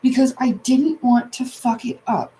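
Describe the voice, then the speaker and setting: A woman's voice: sits high, a little slow, warm tone, slightly rough, rough recording. A woman hosting a casual livestream, chatting while she paints, rambling, swearing and exasperated, upset and close to tears. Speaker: livestream host.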